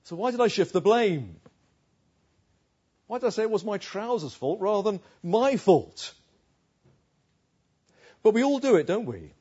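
A male preacher with a high, very animated voice and a husky edge delivers an emphatic sermon. He leans on rhetorical questions. The recording sounds slightly dull and lo-fi. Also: measured pace, long pauses.

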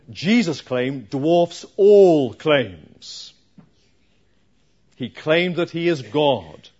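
A man preaching a sermon, slow and emphatic, with dramatic pauses. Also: mid-range voice, expressive, darkish tone, lo-fi sound.

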